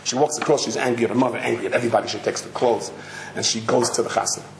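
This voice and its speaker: A rabbi telling a story in a sermon, animated and dramatic. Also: male voice, medium pitch, very fast. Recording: echoey hall, faint noise.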